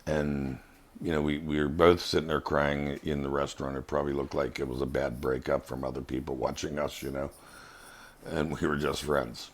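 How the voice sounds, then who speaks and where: A man giving an earnest, halting personal spiritual testimony as a vlogger. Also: a bass voice, flat delivery.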